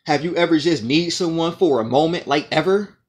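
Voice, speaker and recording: A man's voice: on the high side, brisk. A man in an aggrieved, profane monologue to the camera, repeating his points as he rants. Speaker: vlogger.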